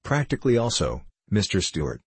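A man reading the part of an unflappable English gentleman, speaking calmly and with composure. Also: lowish voice, brisk, husky, dry recording, full character voice. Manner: calm and composed. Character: calm, precise English gentleman gambler, male. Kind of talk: audiobook dialogue reading.

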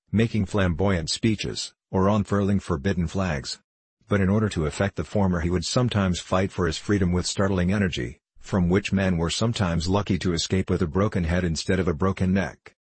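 Low, husky male audiobook narrator. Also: no room sound. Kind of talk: scripted narration.

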